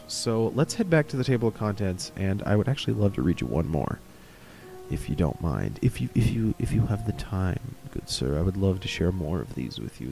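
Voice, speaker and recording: Lively low-voiced man reading aloud. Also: creaky. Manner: casual, chatty asides. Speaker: reader of stories. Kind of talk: reading a horror story aloud.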